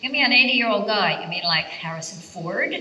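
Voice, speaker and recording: A woman's voice: mid-range voice, lively intonation, brisk, recorded from a distance, a crowd in the background. A woman, a voice actress on a convention panel, chatting with wry humor. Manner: wry, joking. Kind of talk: panel chat.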